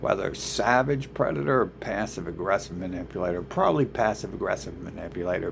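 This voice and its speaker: A man's voice: low voice, expressive, a little fast, vocal fry, hardly any pauses, background noise. A man ranting in a rambling, profane monologue, swearing constantly and restarting his sentences. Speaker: vlogger.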